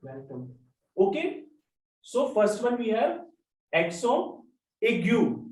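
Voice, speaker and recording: Slow, methodical male teacher in an echoey room. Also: high-pitched, wildly swooping pitch, darkish tone. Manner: slow, step-by-step explaining, spells out letters. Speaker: French teacher. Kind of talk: classroom lesson. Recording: roomy echo, mic at a distance.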